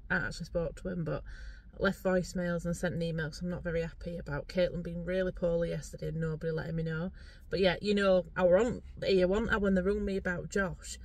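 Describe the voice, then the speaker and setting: A middle-aged woman, chatting casually to camera from the driver's seat of a parked car and rambling, giggly and a bit sweary. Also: lowish voice. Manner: rambling, giggly and salty-tongued. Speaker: vlogger.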